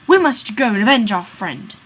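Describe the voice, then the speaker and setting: A woman's voice: mid-range voice, very animated, normal speed, background noise, natural voice. A woman voicing a bossy young man who leads and plots against his friend. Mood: scheming. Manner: commanding, plotting. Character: bossy scheming young ringleader.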